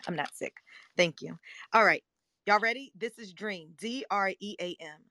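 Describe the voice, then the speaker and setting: A woman in her forties giving an upbeat motivational talk as a coach, her voice slightly hoarse and scratchy, often checking in with her listeners. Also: mid-range voice, normal speed, pushed and bright. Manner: upbeat, emphatic, rhetorical check-ins. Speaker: life coach and live-room host.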